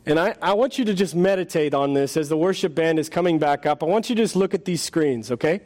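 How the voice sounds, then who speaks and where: Earnest high-voiced male pastor. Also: lively intonation, quick pace, a little mellow. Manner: earnest, dramatic, emotive. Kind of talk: sermon with storytelling. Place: church sanctuary.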